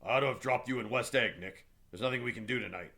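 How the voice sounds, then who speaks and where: A man reading aloud plays a gruff, commanding wealthy man who speaks forcefully. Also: mid-range voice, brisk. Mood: grave.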